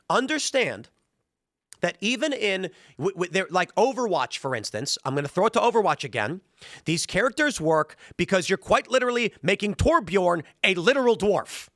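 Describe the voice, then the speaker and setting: A man hosting an opinionated commentary show, his fairly high voice swinging widely up and down as he presses his points. The tone is bright and forceful, and the sound is close and dry, with no room around it. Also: dry recording. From Chicago, United States. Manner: emphatic, repeats words when fired up. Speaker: show host.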